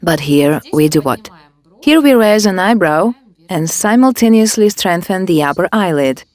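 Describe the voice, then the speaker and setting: A woman demonstrating a facial care technique, giving calm step-by-step instructions. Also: on the low side, moderate pace, dry recording. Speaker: beauty device instructor.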